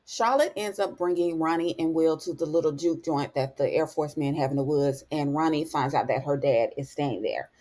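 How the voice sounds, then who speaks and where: A woman giving a chatty, animated episode recap in casual talk, dropping in words like honey and baby. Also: low-pitched, moderate pace, hardly any pauses, slight background noise. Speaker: TV recap vlogger.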